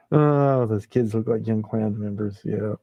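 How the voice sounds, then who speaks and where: A man's voice: fairly low pitch, slow, breathy edge, no room sound, dull audio. A man hosting a casual late-night livestream, chuckling often and reading viewer comments aloud. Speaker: livestream host.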